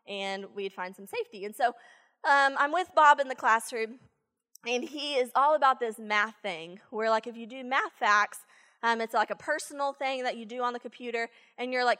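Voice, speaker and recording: A woman preaching a sermon, telling a story from her teaching days in an animated, chatty way with many fillers. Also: fairly high pitch, a little fast, long reverb tail. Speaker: church speaker, former teacher.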